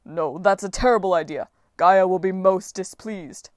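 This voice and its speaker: A woman reading an audiobook voices a brutish male sea giant who shouts in slow, heavy outbursts. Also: on the low side, dry recording, studio quality, close to an everyday voice. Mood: bellowing.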